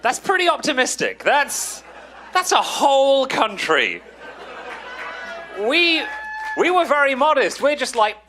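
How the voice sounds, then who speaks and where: British male comic, high and lively, wry and playful stand-up delivery. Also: takes it slowly, pauses often, some chatter behind, slight background noise. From Britain. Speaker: stand-up comedian. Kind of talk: stand-up comedy set.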